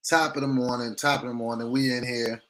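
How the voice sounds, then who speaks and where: A man's voice: medium pitch, fairly even intonation, brisk, a bit bright. Male host of a casual live morning stream, chatty, fussing over his mic sound. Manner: greets chat viewers by name, checks his mic sound. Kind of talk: casual livestream chat. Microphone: desk microphone, sometimes held.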